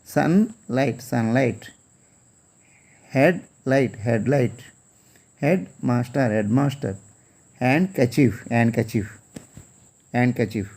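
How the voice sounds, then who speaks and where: A man's voice: mid-range voice, slow pace, vocal fry, pauses often, a little mellow. A man from India teaching an English class with an Indian English accent, spelling words letter by letter and repeating each one.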